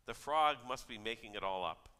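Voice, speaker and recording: A man's voice: mid-range voice, lively intonation, normal speed, pushed and bright, clean tone. A man preaching a sermon as pastor, conversational and telling stories with quoted voices. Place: church. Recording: church hall reverb.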